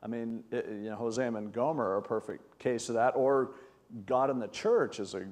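A man's voice: medium pitch, normal speed. Conversational older male pastor teaching. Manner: conversational, animated storytelling. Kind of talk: sermon teaching.

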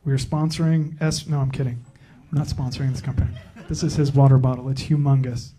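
A man's voice: mid-range voice, flat delivery, brisk, dark tone. A man introducing a guest speaker at church in a joking, rambling way, full of fillers and restarts. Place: church sanctuary.

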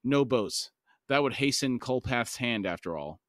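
A man's voice: medium pitch, lively intonation, measured pace, no room sound, studio quality, close to an everyday voice. A man reading aloud from a fantasy novel, voicing a blunt soldier captain who answers in terse lines.

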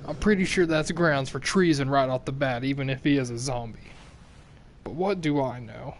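A man's voice: mid-range voice, normal speed, a little hiss or hum. A man casually joking and boasting his way through a game as host of a gaming video. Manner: joking, mock-boastful, swearing.

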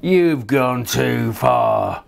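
A man voicing a pack of fierce, menacing lions in a storybook, with a slow, growled delivery. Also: medium pitch, wildly swooping pitch, creaky, dark tone, exaggerated voice.

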